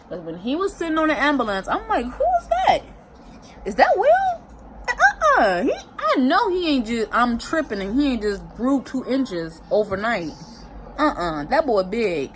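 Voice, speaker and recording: In a low-quality recording with slight background noise, a woman with a mid-range voice vlogs a recap of a TV season. She's colloquial and expressive, emotional and rambling, and repeats herself a lot.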